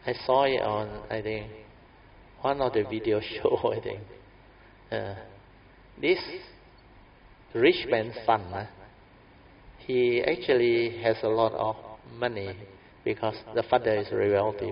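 A man giving a Buddhist Dhamma talk, telling a story in a chatty, anecdotal way with tag questions and fillers. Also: mid-range voice. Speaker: Buddhist teacher. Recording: dull lo-fi recording.

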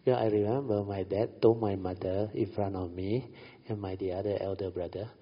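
Recounting a family anecdote, this middle-aged Malaysian English speaker keeps a steady tone and normal speed, his voice low and husky. He's conversational, sprinkling in frequent "you know"s and small laughs, while the dull recording echoes with long hall reverb.

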